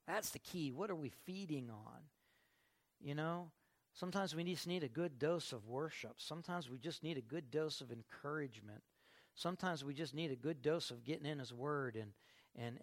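Emphatic preaching man with a gravelly voice. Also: fairly high pitch. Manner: emphatic, rising to loud bursts, acts out quoted people. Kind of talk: sermon.

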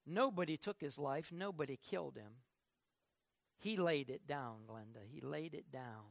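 A male pastor preaching an Easter sermon, swinging from quiet passages to shouted declarations and rapid questions to the congregation. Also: fairly high pitch, gravelly, dry recording, studio quality.

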